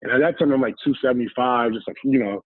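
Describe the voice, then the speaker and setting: A man's voice: medium pitch, quick pace, husky, no room sound. Easygoing man telling a story over a tinny line. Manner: easygoing, rambling, recounts scenes with quoted dialogue. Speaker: guest, former football player. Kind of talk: casual storytelling. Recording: tinny, phone-like dry line.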